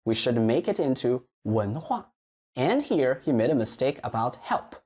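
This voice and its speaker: Lively-voiced Mandarin teacher, man. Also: medium pitch, husky. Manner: slow, exaggerated modeling of Chinese phrases. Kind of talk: pronunciation lesson.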